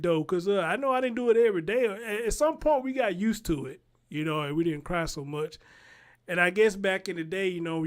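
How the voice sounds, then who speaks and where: A man, rambling in casual live-stream commentary and talking straight to his viewers. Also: sits high. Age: 40s.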